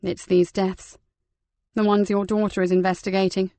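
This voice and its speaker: A man's voice: high-pitched, flat delivery, normal speed, dark tone, no room sound. A woman voicing a worried man who serves as a parish vicar, speaking hesitantly. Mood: troubled. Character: troubled middle-aged male parish vicar.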